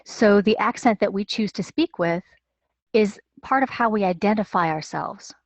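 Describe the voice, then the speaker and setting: A woman working as a dialect coach answers interview questions in a measured, explanatory way, with fillers and restarts. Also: medium pitch, no room sound.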